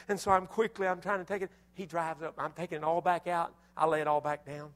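A man preaching a sermon, telling a personal story with animated, self-scolding exclamations before closing in prayer. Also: fairly high pitch, fast, hardly any pauses.

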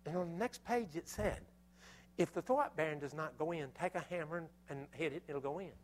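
A man preaching a sermon, telling a personal story with animated, self-scolding exclamations before closing in prayer. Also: fairly high pitch, fairly quick, a little hiss or hum.

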